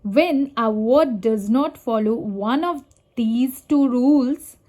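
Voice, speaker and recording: A woman teaching a language lesson at an unhurried pace, her voice sitting a little high. She explains step by step and stretches out each example word so it can be heard clearly. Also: a little mellow. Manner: measured, spells out example words slowly and clearly. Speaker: Spanish teacher.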